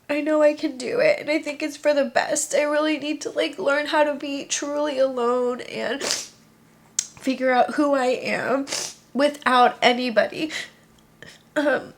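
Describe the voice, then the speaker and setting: Slow-talking young woman with vocal fry. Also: sits high, steady tone. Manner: soft, halting and reflective, with many pauses and fillers. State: tearful. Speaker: vlogger. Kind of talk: emotional personal vlog. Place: apartment bedroom, indoors.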